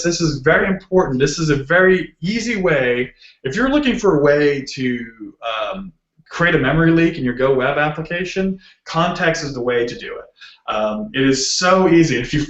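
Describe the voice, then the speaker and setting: A man's voice: fairly high pitch, expressive, normal speed. Boston-accented man giving a casual tech talk. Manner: casual and joking, lots of ums. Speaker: guest speaker. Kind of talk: technical talk. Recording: roomy muffled video call audio.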